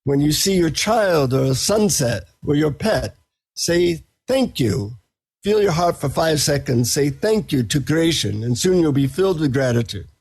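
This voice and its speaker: A man voicing a patient, wise male Indian guru with an Indian accent, who speaks slowly and gravely. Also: on the high side, animated, darkish tone, heavily acted. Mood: instructive.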